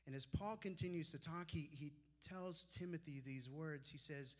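A pastor in his forties preaching a sermon. He tells personal stories and drops soft and low when he quotes his mentors. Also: moderate pace, hardly any pauses.

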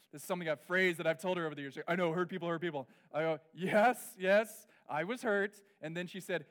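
During a sermon, a middle-aged man of the cloth tells a story from his own life, open and lively, sometimes sinking to a hushed, confessional register. His voice sits on the high side.

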